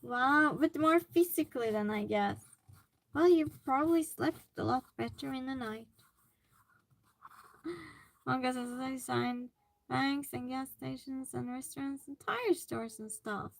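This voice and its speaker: A woman streamer in casual chat, reading viewer comments aloud and reacting with animated exclamations. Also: high-pitched, a little slow, vocal fry, long pauses, no echo.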